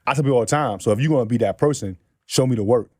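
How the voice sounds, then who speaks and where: A middle-aged man from New City, telling animated stories in casual chat and acting out other people's lines with lots of laughter. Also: medium pitch, racing, no room sound, studio quality. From New York City. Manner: animated storyteller acting out quotes, laughs often. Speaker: podcast guest.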